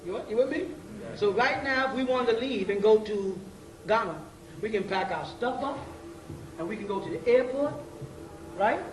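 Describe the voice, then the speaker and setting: A man with a very high voice teaches a group in loose, slangy speech and keeps asking whether they follow him. The recording is echoey and taken from a distance. A faint hiss sits underneath. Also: expressive, normal speed, pauses often. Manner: slangy, rhetorical, checks in with listeners. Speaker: religious teacher lecturing a group. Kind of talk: informal preaching lecture.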